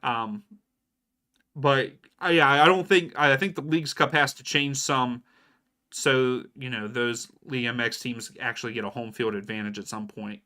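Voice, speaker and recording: A man's voice: medium pitch, fairly even intonation, moderate pace, sharp tone. A young adult man doing casual live match commentary for a watchalong stream, reacting to plays and answering viewers by name. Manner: casual, reacts to plays and reads out chat names.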